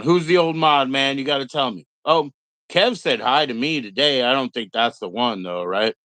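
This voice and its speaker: A middle-aged man with a medium-pitched, fairly bright voice runs a casual livestream, rambling, cursing, and mocking others through put-on voices. The recording is dry and the audio quality is poor.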